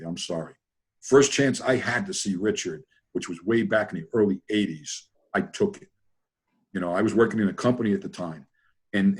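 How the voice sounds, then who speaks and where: An older man telling rambling stories in a casual, animated way over a video call. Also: fairly low pitch, breathy edge. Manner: animated, rambling, repeats himself. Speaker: guest trainer. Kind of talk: casual storytelling.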